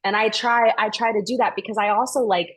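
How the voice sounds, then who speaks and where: A woman voice actor chatting candidly as a podcast guest, animated and acting out the dialogue she retells. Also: mid-range voice, fast, breathy edge. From United States. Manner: candid, animated storyteller who acts out quoted dialogue. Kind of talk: casual chat.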